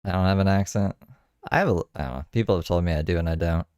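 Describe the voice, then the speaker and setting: Guy, really low voice, dry offhand rambling chat, no room sound. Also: quick pace, a little mellow, clear, resonant tone, no echo. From Ontario, Canada. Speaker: vlogger. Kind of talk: casual chat.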